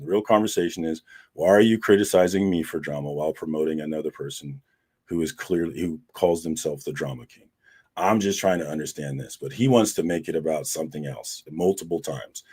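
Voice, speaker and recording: Give me a husky man with a low voice, hosting a livestream in a blunt, profane, casual way. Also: darkish tone. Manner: blunt and profane, recounting an argument to viewers. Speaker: host of a comic community livestream.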